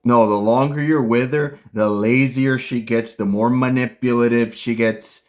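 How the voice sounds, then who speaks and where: A man's voice: medium pitch, steady tone, a little slow. A man hosting a casual commentary, ranting bluntly and heatedly with lots of slang. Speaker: commentary host.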